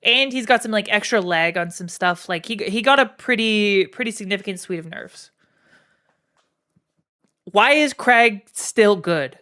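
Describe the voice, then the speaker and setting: A woman's voice: mid-range voice, measured pace, sharp tone. A woman with a Canadian accent streaming live, giving frank, casual commentary with plenty of fillers and swearing. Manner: frank, profane, many fillers and asides to chat. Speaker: streamer ranking game characters.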